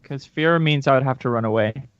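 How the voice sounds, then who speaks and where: A man's voice: mid-range voice, a little fast, clear, resonant tone, no room sound. A man playing a tabletop game, asking about rules and laughing often. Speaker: player. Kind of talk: casual tabletop play. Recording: dull dry audio.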